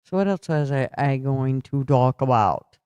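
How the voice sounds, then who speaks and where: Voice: medium pitch, animated, measured pace, darkish tone, clear, resonant tone, dry recording. A livestream host in casual political chat, tired and yawning, talking loosely and answering viewer comments aloud.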